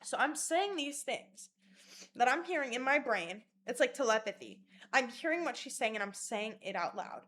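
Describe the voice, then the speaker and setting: A young woman telling wild personal stories in a casual vlog, crude and animated, slipping into mocking voices. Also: a little high, normal speed. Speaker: vlogger.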